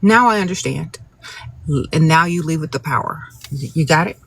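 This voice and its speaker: A man's voice: a little high, steady tone, brisk, fairly bright tone, husky. A man hosting a live phone stream outdoors, reading out viewer questions and giving blunt, sassy, no-nonsense relationship advice straight to the audience. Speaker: advice-giving livestream host. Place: outdoors, birds nearby.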